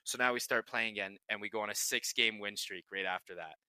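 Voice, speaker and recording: A young man spins locker-room tales with a bright, lively edge and lots of swearing. His voice sits a little low, and the sound is dry and close with no room around it. It's loose, casual podcast banter. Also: fast talker, clear, resonant tone, dry recording. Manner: profane, laughing anecdotes. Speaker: podcast co-host, pro hockey player. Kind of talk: casual storytelling chat.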